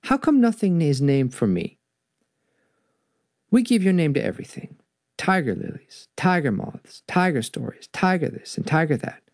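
A man's voice: a little high, big pitch swings, moderate pace, pitched above the performer's own voice. Anansi, a man reading a tiny clever spider. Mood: pleading. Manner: pleading storybook read-aloud. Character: tiny clever male spider trickster, humble and bold.

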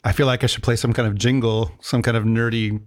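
A man of middle pitch co-hosting a podcast, chatty and playful. He explains things in an eager, nerdy way and often laughs in between. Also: little pitch movement, quick pace. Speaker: podcast co-host. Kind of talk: casual chat.

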